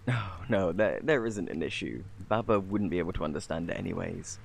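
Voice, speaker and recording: A man with a British accent voicing a gentle, formal alien single parent in a whispered role-play, polite and a bit hesitant. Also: low-pitched, lively intonation, a little fast, creaky, breathy edge, exaggerated voice. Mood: awkward. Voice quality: soft-spoken, formal and polite.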